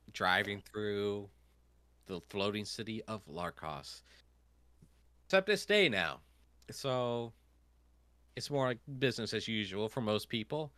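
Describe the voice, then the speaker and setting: Game master, male, low bright voice, dry close sound, rambling. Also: clean tone, no room sound. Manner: rambling, many fillers. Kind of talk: narrating a tabletop game.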